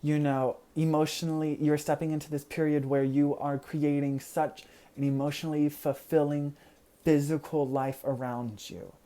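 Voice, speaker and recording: Mellow-voiced tarot reader, reassuring. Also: medium pitch, flat delivery, moderate pace. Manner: earnest, reassuring, flowing talk with many "you know" fillers; loses words at times and laughs at own slips. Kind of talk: pick-a-card tarot reading to camera.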